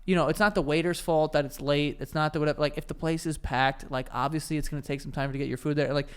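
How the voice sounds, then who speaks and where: Smooth-voiced young American guy chatting. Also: on the high side, fairly even intonation, fast talker. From United States. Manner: rambling, filler-heavy, blunt and crude. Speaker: podcast co-host. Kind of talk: casual chat.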